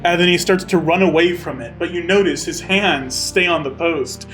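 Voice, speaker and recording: A man's voice: fairly high pitch, moderate pace, a bit bright, soft background music. A man narrating his move in a tabletop game with vivid storytelling. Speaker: player.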